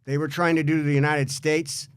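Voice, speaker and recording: A man's voice: fairly high pitch, level tone, fairly quick, clean tone, no echo. A man co-hosting a sports talk show, eagerly recapping the guest's story.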